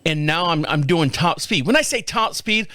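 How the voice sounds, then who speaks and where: A middle-aged man with a drawl hosts his own show, swearing freely and poking fun at himself as he rambles. His voice sits a touch high for a man. The sound is dry and close, with no room around it. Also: animated, normal speed, bright, forceful tone, dry recording. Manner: rambling, profane, self-mocking storytelling with frequent laughs. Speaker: podcast host. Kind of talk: casual solo chat.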